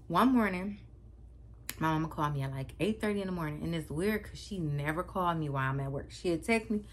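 A woman's voice: fairly low pitch, fairly bright tone. Brief: a woman vlogger on a storytime video, dramatic and slangy, speaking straight to her viewers. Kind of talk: storytime vlog.

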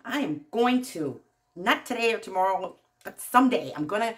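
A woman's voice: medium pitch, moderate pace, heavy background noise. Jersey lady vlogging into her phone, all giddy and gushy, keeps laughing and losing her sentences. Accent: New Jersey. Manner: excitable, gushing, laughs often, trails off mid-sentence. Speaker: YouTube channel host. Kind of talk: casual vlog talk to viewers.

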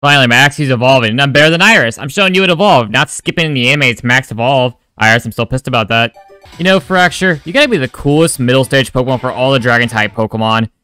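A man's voice: medium pitch, lively intonation, fast talker, bright, forceful tone, clear, resonant tone, dry recording, soft background music. A man giving sarcastic, crude, joking commentary over his game playthrough. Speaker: gaming video creator.

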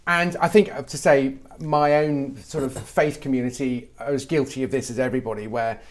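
A man's voice: medium pitch, fairly even intonation, fairly quick. A middle-aged man from England, a comedy writer talking animatedly in an interview and slipping into mock voices when he quotes people. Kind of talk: conversational interview.

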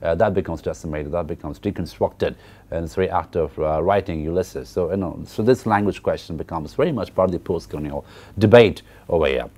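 Male lecturer, very low voice, halting explanatory talk. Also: a little mellow. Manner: hesitant, many fillers and restarts, explanatory. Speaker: university lecturer. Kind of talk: literature lecture with text reading.

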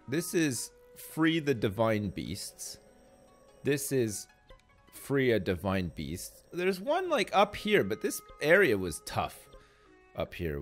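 A man streaming a game live, joking, swearing and reading game text aloud in casual commentary. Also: lowish voice.

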